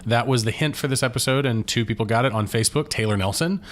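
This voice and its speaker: A man's voice: mid-range voice, fast talker, slight background noise. A man co-hosting a podcast, chatting casually about a film as he watches, rambling with lots of fillers and restarts. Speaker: podcast co-host. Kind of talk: casual movie commentary chat.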